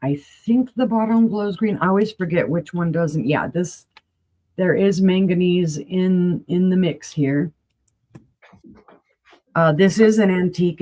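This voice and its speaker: Excited woman pitching vintage glass. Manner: excited, chatty, rattles off item details. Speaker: vintage seller. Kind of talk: live-stream sales pitch.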